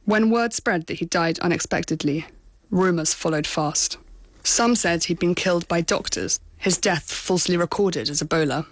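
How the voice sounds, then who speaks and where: A woman foreign correspondent narrating a scripted report in a measured, sober storytelling manner. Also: lowish voice, dry recording.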